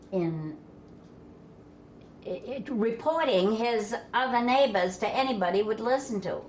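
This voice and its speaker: A woman's voice: medium pitch, a little mellow, a little hiss or hum. Older Vermont woman telling folksy tales. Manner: folksy, laughs through her own stories. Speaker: storyteller guest. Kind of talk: casual family storytelling.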